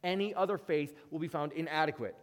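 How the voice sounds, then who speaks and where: Higher-voiced male preacher in a reverberant hall. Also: fast. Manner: storytelling, rising to emphatic peaks then dropping quiet. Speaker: pastor. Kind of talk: sermon. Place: church. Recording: long reverb of a church hall.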